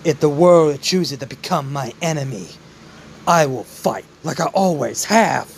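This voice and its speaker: A man's voice: fairly high pitch, expressive, measured pace, vocal fry, slight background noise. A man voicing a defiant young hero who speaks earnestly, for a fan-made story.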